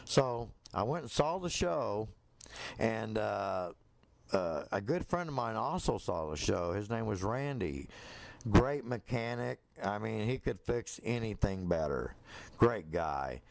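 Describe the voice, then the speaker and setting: A man's voice: lowish voice, lively intonation, takes it slowly, creaky, no echo. A middle-aged man telling a personal story in a casual, rambling way, full of fillers and restarts, acting out the voices he quotes.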